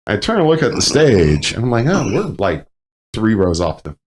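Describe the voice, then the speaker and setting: A man, a Marine veteran, telling stories in casual chat, profane and animated with loud bursts. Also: fairly low pitch, moderate pace. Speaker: podcast guest, Marine veteran.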